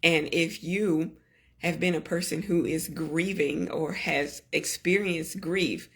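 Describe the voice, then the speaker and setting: A woman hosting a podcast, talking earnestly to her listeners and gently coaching them in slow, deliberate phrases. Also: deep voice, fairly even intonation, creaky. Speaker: podcast host. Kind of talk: reflective solo podcast talk.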